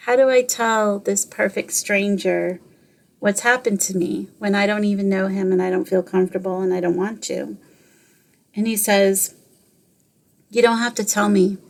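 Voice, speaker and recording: Woman, middle-aged, podcast host; earnest storyteller, flat even delivery. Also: medium pitch, gravelly. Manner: earnest, repeats phrases, quotes others in her own voice. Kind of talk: personal storytelling and motivational talk.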